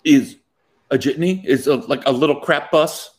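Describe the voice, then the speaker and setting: A man's voice: a little high, moderate pace. A man casually telling a long funny story to a co-host, acting out the people in it and laughing often.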